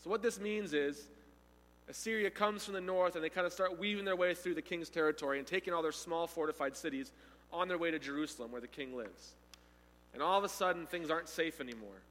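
A man preaching a sermon, retelling a story with animated delivery and acting out the quoted speakers. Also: on the high side, a little fast, big-room sound.

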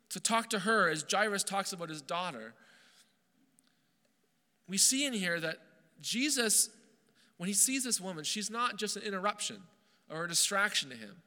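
A male pastor preaches in a high, very bright voice that rings through a reverberant hall. He is earnest and emphatic, slowing on key phrases and restarting words as he goes. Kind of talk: sermon.

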